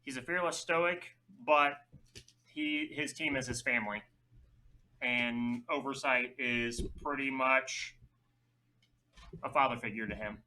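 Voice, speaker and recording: Man, tabletop player, very sharp bright tone, easygoing chat, faint background hiss. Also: mid-range voice, slow pace, long pauses, rough recording. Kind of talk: casual chat.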